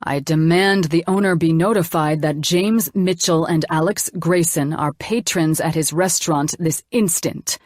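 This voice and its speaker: A narrator plays a stern businessman who lays down his demand firmly and formally. The voice is even, steady and pressing. It is recorded dry and close for an audiobook. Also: low-pitched, a little slow, hardly any pauses, no room sound.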